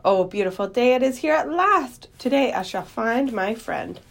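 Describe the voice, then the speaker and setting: A woman voicing an eager, earnest young male pig who speaks politely and excitedly in a storybook reading. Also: medium pitch, moderate pace. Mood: delighted.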